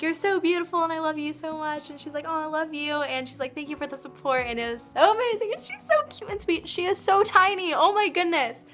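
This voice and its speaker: A woman's voice: fairly high pitch, sharp tone. A young woman vlogging, gushing and bubbly, with many filler words as she recaps her day. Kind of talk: excited fan vlog recap.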